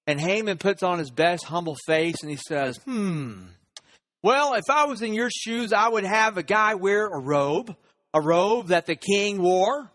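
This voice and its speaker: A man's voice: sits high, fairly bright tone. A man preaching a sermon, retelling a story and acting out the characters' lines. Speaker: pastor.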